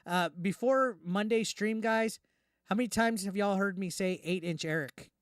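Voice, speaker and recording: A man hosting a reaction commentary, ranting indignantly and quickly, tripping over restarts as he talks. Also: high-pitched, clean tone, no echo, clean studio sound. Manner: heated, indignant, fast with repeated restarts. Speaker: YouTube commentary host.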